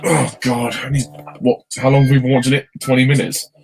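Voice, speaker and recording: A man's voice: medium pitch, little pitch movement, brisk, creaky, crowd noise. A man giving casual commentary on a film, mocking and bemused, laughing a lot.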